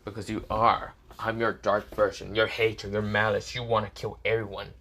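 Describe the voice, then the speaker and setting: A man doing a menacing dark young rival. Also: on the low side, flat delivery, moderate pace.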